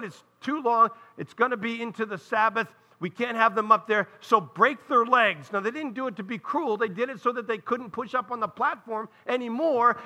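Bright-voiced high preacher. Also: male voice. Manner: earnest, explanatory preaching with frequent asides to the congregation. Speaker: pastor. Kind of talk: sermon.

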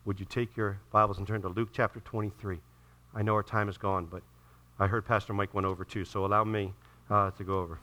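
A pastor preaches to his congregation, starting with calm teaching and building to loud, impassioned delivery as he acts out voices from scripture. His voice is on the low side and fairly quick.

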